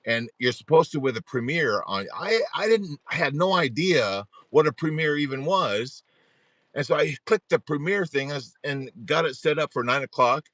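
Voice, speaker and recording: A middle-aged man hosting a support group livestream, telling a story in a rambling, animated way and often restarting his sentences. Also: on the high side, moderate pace, no echo.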